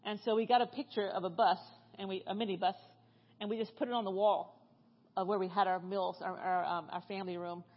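A middle-aged woman preaching in church, telling stories in a loose, chatty way with frequent restarts. Her voice sits at a middling pitch, and the recording sounds a little dull. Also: fairly even intonation, a little fast. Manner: chatty, with many restarts and fillers. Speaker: guest speaker. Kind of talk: storytelling sermon.

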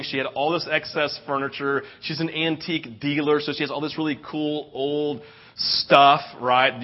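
A middle-aged man preaching a sermon in a casual, story-driven way. He keeps checking in with "right?" and leaps into a loud, high voice when he quotes someone excited. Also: highs cut off. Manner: conversational, keeps asking "right?". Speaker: pastor.

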